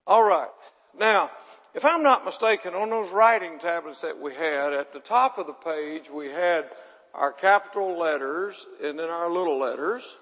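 Man, high-pitched, folksy preacher who keeps quizzing the congregation, reverb-heavy hall. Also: normal speed, a bit bright. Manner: chatty, asks the audience questions, self-deprecating. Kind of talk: folksy sermon with audience banter.

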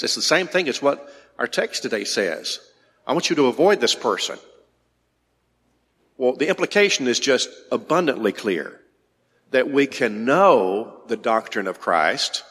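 A man's voice: mid-range voice, fairly bright tone. Emphatic male preacher in a reverberant hall. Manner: emphatic, repeats key words for stress. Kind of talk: sermon.

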